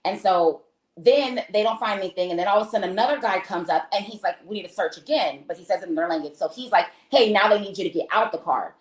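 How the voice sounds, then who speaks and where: A fast-talking American woman with a medium-pitched voice tells a travel story in casual conversation. She's animated, acting out the voices of the people involved and using lots of fillers. The recording has a roomy echo.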